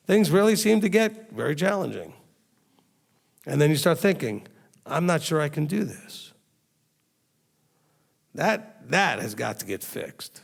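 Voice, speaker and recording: A man's voice: fairly high pitch, creaky. A man preaching a sermon as a rabbi, emphatic and firing rhetorical questions at his listeners. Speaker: rabbi teaching a congregation.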